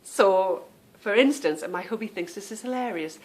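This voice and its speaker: A woman's voice: medium pitch, normal speed. A woman hosting a podcast, talking casually in a chatty, self-amused way and explaining things with plenty of fillers. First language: English. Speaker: podcast host. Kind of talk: casual monologue.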